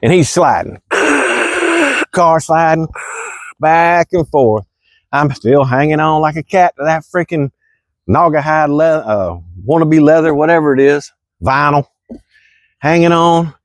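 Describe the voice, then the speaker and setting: A middle-aged man, telling a true story from his childhood in a folksy, animated way with loud exclamations. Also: a little high, unhurried, long pauses, dry recording, clean studio sound. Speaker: storyteller vlogger. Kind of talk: casual storytelling.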